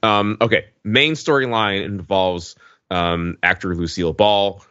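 A man with a radio baritone voice, a regular panelist in casual podcast chat. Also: fairly even intonation, a little slow, pushed and bright, smooth, no echo. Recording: slightly dull lo-fi mic.

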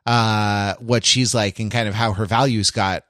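A man's voice: lowish voice, steady tone, a little slow, fairly bright tone, dry recording. Rambling man with a dry close sound. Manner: rambling, restarts a lot, laughs at his own jokes. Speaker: podcast co-host. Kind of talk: casual chat.

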